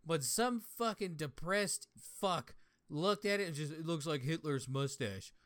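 A man's voice: a little high, a little slow, a bit bright, no echo. Swearing young man telling rambling stories. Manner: rambling storytelling with frequent swearing. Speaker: podcast co-host. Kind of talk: casual chat.

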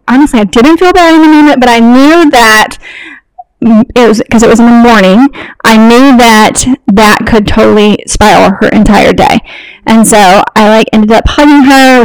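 Animated storytelling woman, higher voice. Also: clear, resonant tone, no echo, rough recording. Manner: animated storyteller, acts out quoted lines. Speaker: podcast co-host, wedding business owner. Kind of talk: casual chat.

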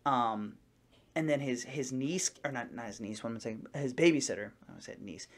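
Rambling, animated man chatting on a podcast. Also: mid-range voice, moderate pace, creaky. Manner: rambling, animated storytelling with many restarts. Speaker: podcast co-host. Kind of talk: casual chat.

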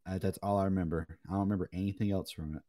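A young man co-hosting a casual gaming chat, telling animated stories and swearing freely. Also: low-pitched, racing. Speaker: podcast co-host.

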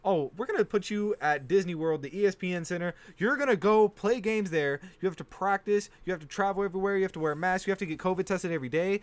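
A teenage boy co-hosting a casual sports podcast, animated and prone to stumbling over player names. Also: high-pitched, no echo. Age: teens. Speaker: podcast co-host.

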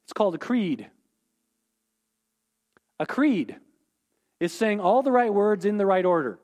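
Guy teaching a bible class, high voice, repeats stuff, keeps asking "okay?". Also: very animated, unhurried, long pauses, darkish tone. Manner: explanatory, repeats key points, checks in with "okay?".

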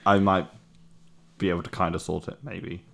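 A man's voice: sits low, level tone, moderate pace, vocal fry. A man playing a character in a tabletop game, chatting casually and often trailing off tentatively. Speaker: player.

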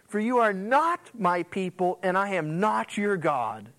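A man's voice: high voice, a little slow. A man preaching a sermon, reading scripture aloud and reacting to it with asides and jokes for his congregation. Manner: animated, quips and laughs with the congregation. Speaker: pastor.

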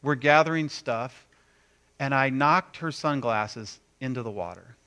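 A man preaching a sermon, animated, acting out quoted voices with big swings between loud and quiet. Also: mid-range voice, measured pace. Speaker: pastor.

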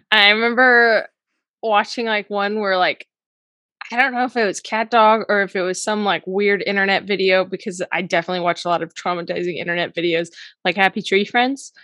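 A young woman co-hosting a podcast, chatting casually and telling stories with animated, mock-indignant laughter. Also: mid-range voice, brisk, no echo, clean studio sound. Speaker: podcast co-host. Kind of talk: casual chat.

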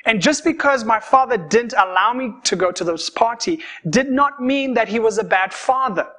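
A young man preaching a sermon, telling stories in a conversational, lively way. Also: extremely high pitch, moderate pace.

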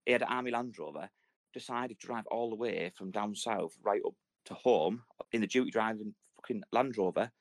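A man's voice: lowish voice, dry recording. A man, hosting a podcast, telling army stories in casual, sweary banter and acting out the voices of the people in them. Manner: fast storytelling, acts out quoted lines. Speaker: podcast host.

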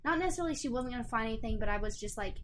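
A woman's voice: fairly high pitch, expressive, racing, a little hiss or hum. A young adult woman, a podcast co-host and expecting mother, telling an emotional story in casual chat.

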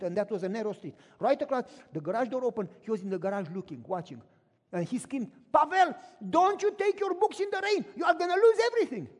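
A man with a high voice preaches, telling a story with lively energy and repeating words for emphasis. His delivery is animated, as he acts out the people in his tale. His voice carries a long reverb from a large hall. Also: slightly rough. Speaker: pastor. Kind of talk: sermon storytelling.

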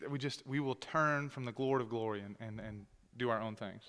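A man preaching a sermon as pastor, talking conversationally and rising to loud, emphatic scripture reading. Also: medium pitch, normal speed, clean tone. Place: church sanctuary. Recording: long hall reverb.

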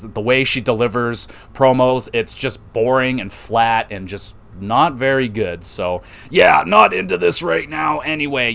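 A man hosting a podcast, recapping wrestling matches in a loose, excitable way, swearing and laughing often. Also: mid-range voice. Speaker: podcast host reviewing wrestling. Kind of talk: casual recap.

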